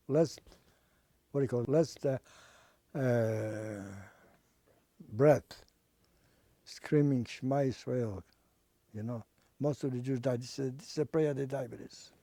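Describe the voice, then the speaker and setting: Slow, halting older man, dry close sound. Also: mid-range voice, dark tone, no echo. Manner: halting, searching for words, with long pauses; non-native English phrasing. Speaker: Holocaust survivor giving testimony. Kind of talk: oral history testimony.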